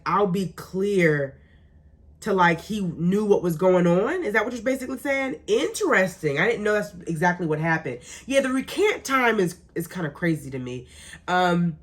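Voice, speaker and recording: Animated woman chatting and laughing. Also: medium pitch. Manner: animated, laughing, emphatic repetition. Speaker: radio show host. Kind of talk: casual chat reading live comments.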